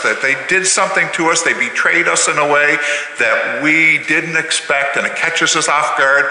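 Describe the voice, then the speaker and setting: A man, a pastor with a Canadian Maritime accent, giving an all-ages talk and gently questioning the congregation. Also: a little high. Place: large church sanctuary. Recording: echoey church hall, faint room noise.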